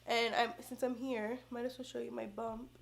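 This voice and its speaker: A young first-time mom vlogs to a close-up camera about her first pregnancy, chatty and heartfelt with lots of fillers. Her voice is a little high and gravelly, with a flat delivery at normal speed, and the room gives a roomy echo.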